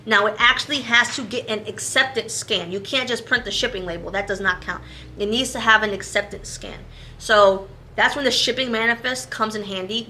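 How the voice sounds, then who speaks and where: Fast-talking bright-voiced woman vlogger. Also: fairly high pitch, a little hiss or hum. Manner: fast-talking, chatty, self-aware about speed. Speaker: online shop owner. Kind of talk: casual explainer vlog.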